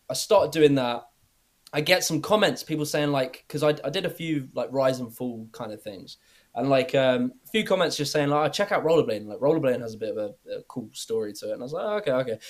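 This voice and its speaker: A young British man chatting casually as a podcast guest, rambling, filling every pause with "like" and swearing easily. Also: mid-range voice. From Britain. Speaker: guest YouTuber.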